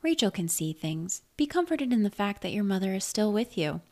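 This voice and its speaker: A woman voicing a hurried, apologetic mother who speaks briskly and calmly. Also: mid-range voice.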